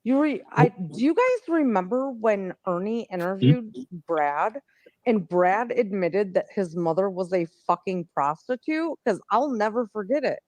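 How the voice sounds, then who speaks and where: Slow, catty woman in her forties. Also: mid-range voice, lively intonation, a little mellow, dry recording. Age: 40s. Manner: catty, sarcastic, profane. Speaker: panel guest. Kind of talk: gossipy livestream chat.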